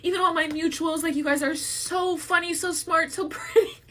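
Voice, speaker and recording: A woman's voice: very high-pitched, fairly even intonation, normal speed, fairly bright tone. A woman who is a social media creator, crying and laughing through tears in an emotional farewell vlog, often repeating herself.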